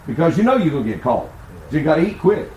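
A man's voice: on the high side, fast, roomy sound, a little hiss or hum, rough recording. A man preaching a sermon to a congregation, telling folksy and funny personal stories and laughing as he goes. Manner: folksy, animated, laughs through his stories. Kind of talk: sermon with humorous personal storytelling. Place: large church sanctuary.

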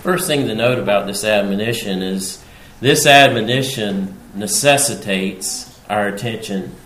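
A male pastor preaching an expository sermon in a church sanctuary, speaking in measured phrases that rise loudly whenever he quotes scripture. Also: medium pitch. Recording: roomy hall sound with faint background noise.

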